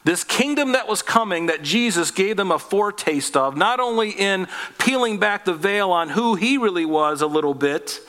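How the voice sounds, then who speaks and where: A man's voice: animated, moderate pace, few pauses, sharp tone. Folksy, conversational male preacher. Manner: folksy, jokey, rising in pitch and force on emphatic points. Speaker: pastor. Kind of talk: conversational sermon.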